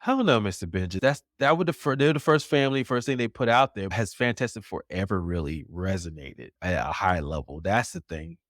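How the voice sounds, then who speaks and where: A man co-hosting a casual pop culture podcast, animated and laughing often. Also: low voice, brisk, few pauses, dry recording, studio quality. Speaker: podcast co-host.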